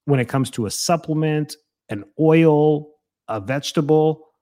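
A middle-aged man giving casual health advice, blunt and animated, mimicking people's excuses and jumping up in pitch when he scolds. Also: unhurried.

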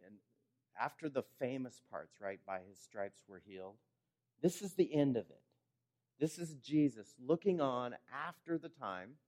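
Male pastor, mid pitch, casual conversational sermon delivery, rhetorical questions, emphatic then soft. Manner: conversational preaching, asks the congregation rhetorical questions; swings between emphatic lines and quiet, low endings.

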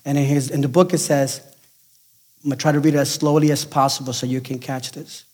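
A middle-aged man with a slightly husky voice delivers a sermon in an emphatic preaching style. He drops to hushed, near-whispered phrases for effect, then rises again, and he acts out the people he quotes in a raised, excited voice. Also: medium pitch, brisk. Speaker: pastor.

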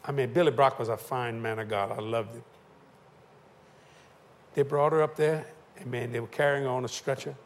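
An older man preaches a folksy, joking sermon full of stories and humor, his church talk carrying a southern tinge. His medium-pitched voice stays steady at a normal speed, with long pauses.

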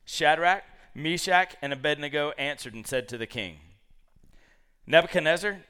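A man preaching a lively sermon, acting out the characters of a Bible story. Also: a little high, normal speed, clear, resonant tone. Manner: animated, acts out quoted characters.

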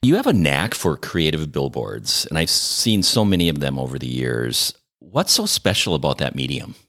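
A podcast host with an extremely low voice that still moves around with lively pitch. He asks his guest questions and praises his work in short turns. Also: normal speed. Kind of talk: interview questions.

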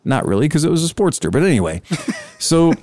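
A man's voice: a little high, big pitch swings, a little fast, a little mellow, no room sound. A man telling a long sales story in casual chat, acting out both sides of the conversation. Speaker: scooter dealer telling a story.

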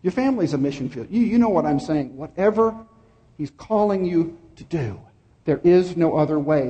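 A man's voice: on the high side, lively intonation, moderate pace, dark tone, long reverb tail. A male pastor preaching a sermon and then leading a prayer. He speaks earnestly and repeats key phrases for emphasis.

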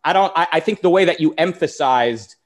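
A man's voice: on the high side, lively intonation, fairly quick. An American man co-hosting a political podcast, arguing in a sarcastic, restless way with many restarts. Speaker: podcast co-host. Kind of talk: casual political debate.

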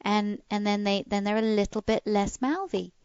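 A woman co-hosting a podcast, chatting casually and explaining how to train a dog, acting out soft commands as she goes. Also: moderate pace, clean tone, no room sound, dull audio. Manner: animated, demonstrates commands in a soft low voice.

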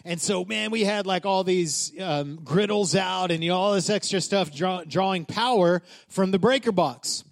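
Man, pastor, casual storytelling sermon, high voice, animated and chatty. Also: moderate pace, creaky, hardly any pauses. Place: church.

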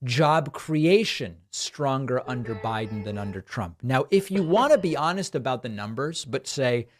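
A male podcast host talks through the news with dry, cutting sarcasm. His pitch sits in the middle range, and he speaks in a steady commentary style. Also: moderate pace, a little hiss or hum. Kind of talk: political commentary.

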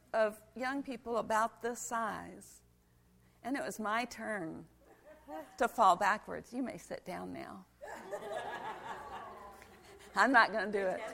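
A woman pastor giving a lively sermon in a church, telling a story and acting parts out with volunteers. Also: on the high side, vocal fry. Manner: animated storyteller, demonstrates with volunteers. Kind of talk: children's sermon with props.

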